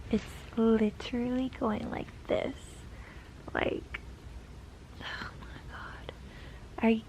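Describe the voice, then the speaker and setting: A young woman chatting in a casual reading vlog from her bed, dramatic and gushing, often dropping into a hushed half-whisper. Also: on the high side, slight background noise, low-quality recording. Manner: dramatic, gushing, repeats herself. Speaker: book vlogger. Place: bedroom, in bed.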